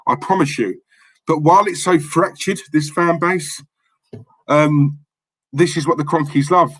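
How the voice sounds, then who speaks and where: A fired-up man talking straight from the heart on a live fan stream. His voice sits a little high and has a husky edge. He keeps pressing his points with blunt, passionate conviction. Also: poor audio. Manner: passionate, impassioned ranting. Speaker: fan channel co-host.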